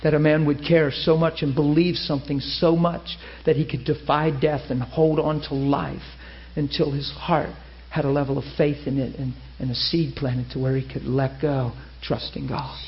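A man preaching a sermon, telling a story with lively acted-out quotes. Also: a little high, moderate pace, few pauses, a little hiss or hum. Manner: animated, acts out quoted voices. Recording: muffled lo-fi sermon recording.

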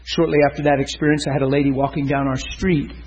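A man preaching a sermon who tells a story and speaks to his listeners in an animated, emphatic way. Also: mid-range voice, quick pace. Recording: dull lo-fi recording.

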